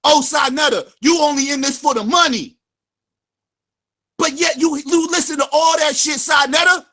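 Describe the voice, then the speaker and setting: Vlog host, male, very high and tense voice, heated profane rant with frequent shouting. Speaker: channel host. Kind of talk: ranting vlog commentary.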